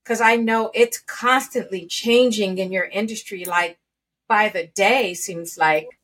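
A woman's voice: medium pitch, a little slow, a bit bright. A woman hosting an interview, asking prepared questions and affirming her guest's answers. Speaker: host, interviewer.

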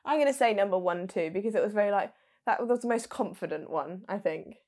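A woman's voice: medium pitch, quick pace, a little mellow. A young woman co-hosting a podcast, chatting casually and teasing with frequent giggles. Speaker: podcast co-host. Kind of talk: casual chat.

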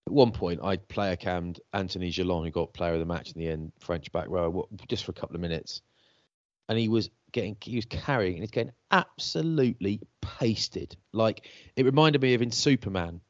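A low-voiced man talks casually on a podcast, telling stories with sudden bursts of excitement. The sound is a little dull and muffled. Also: fairly quick. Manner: animated, swearing storyteller. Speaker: rugby commentator and podcast co-host. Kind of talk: casual chat.

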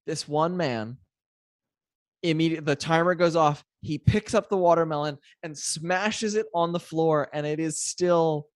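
A man's voice: on the high side, unhurried, no room sound, studio quality. Enthusiastic man chatting on a podcast. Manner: enthusiastic, trailing restarts. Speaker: podcast co-host. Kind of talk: casual chat.

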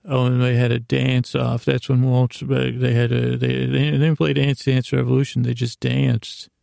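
A man's voice: medium pitch, little pitch movement, normal speed, creaky, dark tone, no room sound, studio quality. A man hosting a sleep podcast, rambling through a casual bedtime recap with meandering restarts.

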